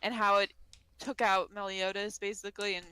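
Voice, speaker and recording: Smooth-voiced enthusiastic woman co-host. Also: mid-range voice, level tone, normal speed, pushed and bright, no room sound, poor audio. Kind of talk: casual chat.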